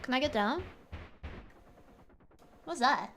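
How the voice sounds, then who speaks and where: A woman's voice: sits high, lively intonation, slow pace, fairly bright tone, slight background noise. A woman streamer giving casual, playful commentary while she plays a horror game and jokes with her chat. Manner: playful, jokey, talks to chat.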